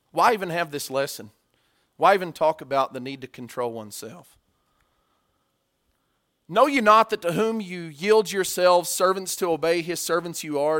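Male preacher, higher pitch, sermon with dramatic loud-soft swings. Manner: swings from hushed to loud, acts out story voices.

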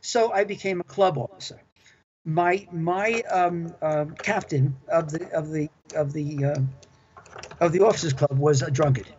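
An older man who managed a club recalls his working days in an interview, his fairly high voice unhurried and a touch mellow. He's talkative and eager, often repeating things, and the lo-fi recording sounds dull.

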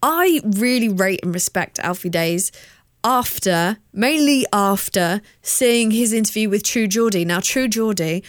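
A woman's voice: mid-range voice, animated, a little slow, dry recording, clean studio sound. A young woman from southern England with a slightly posh southern accent, chatting candidly and swearing freely on her solo podcast. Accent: southern English, slightly posh. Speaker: podcast host. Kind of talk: casual solo podcast chat.

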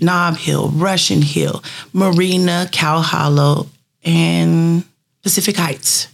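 Husky, creaky-voiced woman in her fifties. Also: lowish voice. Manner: earnest and heartfelt, with lively retold dialogue. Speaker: public works street cleaning supervisor. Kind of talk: storytelling in a personal profile interview.

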